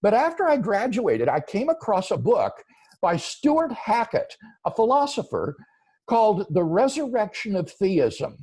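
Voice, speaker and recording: Husky, animated male philosopher. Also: sits high, a little slow. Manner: earnest, explanatory, lively rising and falling delivery. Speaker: philosopher answering viewer questions. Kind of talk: thoughtful interview answers.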